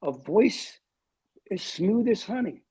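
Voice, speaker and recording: Husky, mellow older man telling stories. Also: high voice, very animated, takes it slowly, rough recording. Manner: wry, self-deprecating storyteller. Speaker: guest, TV weatherman. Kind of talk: storytelling in a podcast interview.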